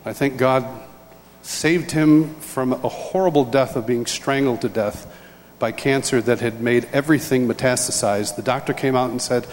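A man's voice: mid-range voice, moderate pace, slight background noise. A man telling a heartfelt story in a sermon and then leading a prayer, acting out the voices of the people in the story. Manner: animated storytelling, acting out dialogue. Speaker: preacher. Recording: reverberant hall, faint ambience.

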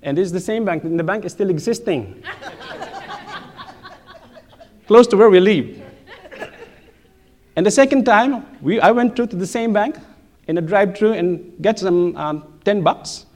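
Middle-aged man, slightly high voice, lively church testimony teller, repeats himself, laughs as he talks. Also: measured pace, long pauses. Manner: animated, repeats phrases, laughs between lines. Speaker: church speaker telling a testimony. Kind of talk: personal testimony storytelling.

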